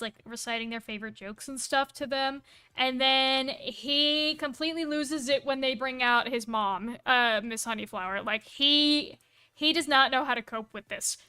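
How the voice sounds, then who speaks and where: A woman livestreamer chatting casually, rambling with many asides and self-corrections, playful and quick to laugh at herself. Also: high-pitched, pushed and bright. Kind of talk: casual storytelling on a live stream.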